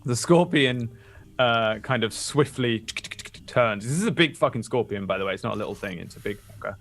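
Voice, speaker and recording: Gravelly male game master. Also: mid-range voice, expressive, fairly quick, fairly bright tone. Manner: casual, filler-heavy narration. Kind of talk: narrating a tabletop game.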